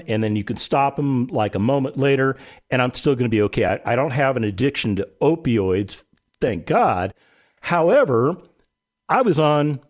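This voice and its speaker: A man hosting a real estate radio show, telling a story in an animated way and acting out the quotes. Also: mid-range voice. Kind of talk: talk radio monologue.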